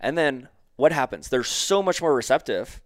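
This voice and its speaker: A man co-hosting a casual podcast, telling stories and acting out quoted people with lively jumps in his voice. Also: normal speed, no echo, clean studio sound. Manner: animated storyteller, acts out quoted characters with big pitch jumps. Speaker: podcast co-host.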